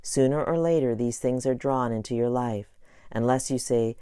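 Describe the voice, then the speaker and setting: Calm man reading an inspirational audiobook. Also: medium pitch, moderate pace, clear, resonant tone, no echo, clean studio sound. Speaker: audiobook reader. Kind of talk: audiobook narration of an inspirational book.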